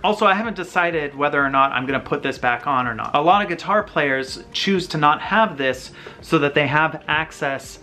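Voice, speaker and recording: A man hosting his own channel, casually walking viewers through a hands-on guitar tutorial in his home workshop, explaining step by step. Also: mid-range voice. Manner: relaxed, explains step by step, some restarts. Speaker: guitar builder and channel host.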